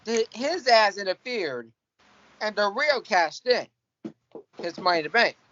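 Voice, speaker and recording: A man's voice: sits high, unhurried. A man on a podcast panel, rambling in casual chat. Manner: rambling, laughing, lively. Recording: dry dull lo-fi audio.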